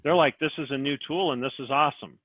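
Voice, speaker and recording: This man, a business coach, talks fast in a mid-range voice, steering a podcast conversation with guiding questions. His audio is dry and tinny like a phone line, without echo.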